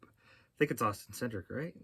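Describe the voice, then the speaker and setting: Bright-voiced man rambling about racing. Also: mid-range voice, expressive, fairly quick, vocal fry, breathy edge, no room sound. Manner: rambling, with frequent fillers and restarts. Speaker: podcast host. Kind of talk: casual racing podcast chat.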